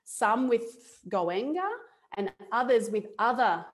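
A middle-aged Australian woman, a guest on an interview show, casually tells a personal story in a slow, slightly high voice. She's animated, laughs often and acts out what was going through her head at the time.

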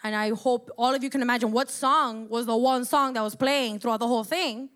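Young woman w a high voice, emotional, swears a lot, sounds overwhelmed and on the edge of crying. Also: steady tone, fairly quick, fairly bright tone, clear, resonant tone. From United States. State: overwhelmed, close to tears. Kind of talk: impassioned personal monologue.

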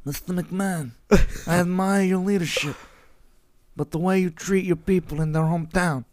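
A man voicing an old Italian-American mafia don, slow, formal and aggrieved. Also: high-pitched, steady tone, darkish tone, close to an everyday voice. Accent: Italian-American mobster, put on.

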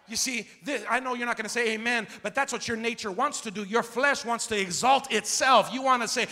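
A man preaching a sermon as pastor, leading the congregation in call-and-response and swinging between shouting and quiet talk. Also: extremely high pitch, brisk, hardly any pauses. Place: church sanctuary. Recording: long reverb of a big hall.

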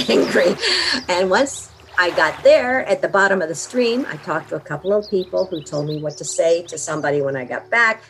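Earnest woman telling a vivid story. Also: on the low side. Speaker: interview guest. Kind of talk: storytelling in an interview.

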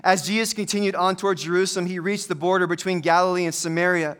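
A man's voice: high voice, steady tone, fast talker, fairly bright tone, smooth. A middle-aged male pastor giving a conversational, humorous sermon full of stories. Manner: conversational, humorous storytelling preacher.

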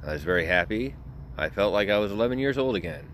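Young guy with a real low voice, joking around, rambling and cutting himself off a lot. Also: fast talker, a little hiss or hum. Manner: animated, joking, self-interrupting storyteller. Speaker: podcast host. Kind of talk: casual rambling monologue.

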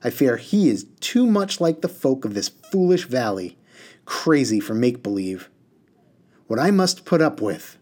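A man's voice: mid-range voice, a little mellow. A man voicing a pompous, scheming male politician who talks in a haughty, overly formal and self-pitying way.

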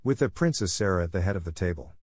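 A man voicing a stern, furious schoolmistress who scolds in sharp, cutting words. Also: low-pitched, animated, fast talker, slightly rough, dry recording, studio quality. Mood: scolding.

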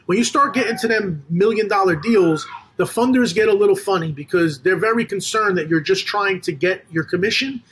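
High-voiced man telling a business story. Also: fairly quick. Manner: animated storyteller who acts out quoted conversations. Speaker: guest, business funder. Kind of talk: casual storytelling in a podcast interview.

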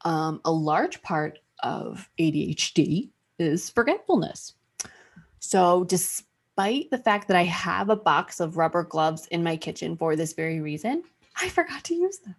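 A woman hosting a podcast, telling a story in casual chat, animated, swearing freely and acting out what she said. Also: fairly low pitch, a little slow, husky. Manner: animated, swears freely, acts out her own past remarks. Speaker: podcast host.

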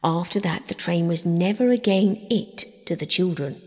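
A woman narrating a classic children's novel as a calm, gentle bedtime audiobook. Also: on the low side, moderate pace, hardly any pauses. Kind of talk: calm scripted narration for sleep. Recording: breathy voice in long reverb.

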